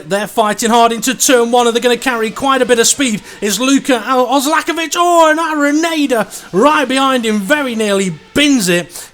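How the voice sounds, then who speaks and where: A man commentates a live race in a high, bright register. He talks casually between cars and speeds up with excitement when the battles get close. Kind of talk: live sim racing commentary.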